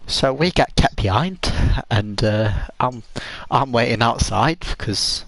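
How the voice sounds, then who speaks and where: Young man, podcast co-host, casual storytelling, unhurried, laughs and swears. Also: mid-range voice, expressive, a bit bright, no echo, poor audio. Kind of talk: casual chat, telling a school story.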